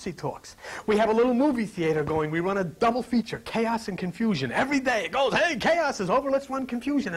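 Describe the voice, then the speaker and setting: A man preaching a lively sermon to a congregation, joking and dropping to a whisper to stress points. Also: extremely high pitch, husky. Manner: animated, jokey, drops to whispers for emphasis.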